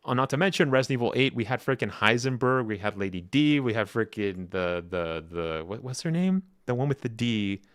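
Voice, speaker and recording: A man hosting a casual livestream, rambling and chatty, laughing often and jumping up in pitch when excited. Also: fairly quick, few pauses, clean tone. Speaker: livestream host reacting to game footage.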